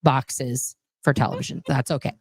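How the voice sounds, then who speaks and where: A woman's voice: rumbling low, steady tone, moderate pace, a little mellow, breathy edge, dry recording. Chatty woman host reading comments. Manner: chatty, reads viewer comments aloud, swears casually. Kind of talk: casual livestream chat reading comments.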